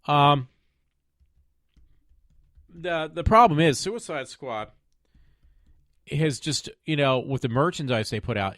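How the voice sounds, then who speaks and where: A man hosts his own web show at home on a desk microphone, chatting casually with lots of fillers, rambling asides, trailing off and sarcastic mock pleading. His mid-range voice is fairly bright, with studio quality and no room sound.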